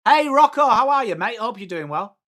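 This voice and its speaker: A young English man hosting a live football watchalong, chatting excitably with viewers and calling out plays. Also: extremely high pitch, brisk. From England. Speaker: watchalong stream host.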